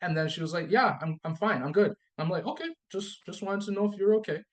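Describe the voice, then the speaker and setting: Animated man telling a personal story. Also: sits high, fast. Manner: animated storytelling, acts out both sides of a dialogue; repeats himself and restarts often. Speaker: podcast guest.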